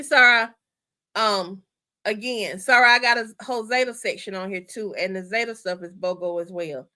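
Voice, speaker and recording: Chatty woman host with a bright voice. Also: mid-range voice. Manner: chatty, excitable, talks straight to viewers; repeats instructions emphatically. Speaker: channel host. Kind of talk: casual livestream store walkthrough.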